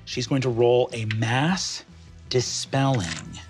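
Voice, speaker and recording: A man narrating as game master of a tabletop game, animated and quick to laugh. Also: high-pitched, music in the background. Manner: animated, lively, breaks into laughter.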